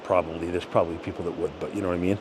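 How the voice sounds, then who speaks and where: Easygoing man, lowish voice, outdoors. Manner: easygoing, halting, many restarts. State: out of breath. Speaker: channel host. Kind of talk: casual rambling talk to camera. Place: outdoors in a forest by a river, walking uphill. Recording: outdoor recording with steady background noise.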